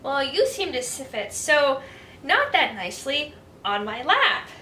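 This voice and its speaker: Woman doing a sweet doting dog lady, sing-song and bright. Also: high-pitched, big pitch swings, measured pace, echoey room, recorded from a distance, slight background noise, heavily acted.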